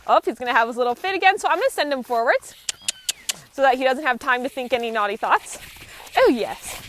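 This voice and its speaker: A woman horse trainer working a horse outdoors, explaining each step in a calm, steady, instructive way. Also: high-pitched, a little fast, a little hiss or hum. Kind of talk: live training commentary.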